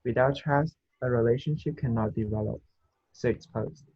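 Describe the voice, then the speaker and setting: Husky male student reading aloud. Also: mid-range voice, normal speed, darkish tone, muffled recording. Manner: careful reading with small restarts. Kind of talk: reading a text aloud in class. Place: video call.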